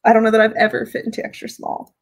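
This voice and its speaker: A woman with a slightly high-pitched voice chats casually at home while reviewing perfumes. She giggles often and reads out viewer comments as she goes. Her delivery is loose and conversational. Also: monotone, quick pace, creaky, poor audio. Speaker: fragrance reviewer. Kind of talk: casual live-stream chat. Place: home with dogs.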